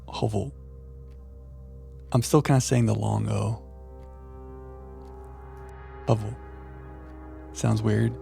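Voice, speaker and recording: A man streaming a puzzle game live, chatting playfully with viewers and thinking out loud. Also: on the low side, fairly even intonation, slow, vocal fry, long pauses, faint music behind. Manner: playful, chatting to viewers while musing aloud. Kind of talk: live gameplay commentary.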